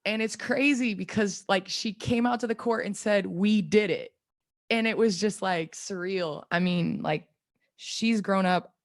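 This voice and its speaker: Low-voiced woman, chatty then earnest. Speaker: pro basketball player at a press conference. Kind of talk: post-game press conference answers.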